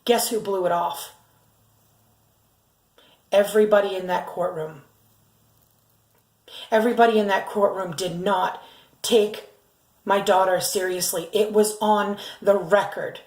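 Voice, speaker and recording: A woman's voice: mid-range voice, darkish tone, echoey room, poor audio. A middle-aged woman telling her family's story in a vlog, urgent and indignant, with many ums and restarts. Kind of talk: emotional first-person vlog.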